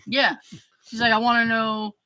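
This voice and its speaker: A woman podcast host telling a story in casual chat, acting out the quoted dialogue with lively emphasis. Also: a little high, normal speed, dry recording, poor audio. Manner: animated, acts out quoted dialogue.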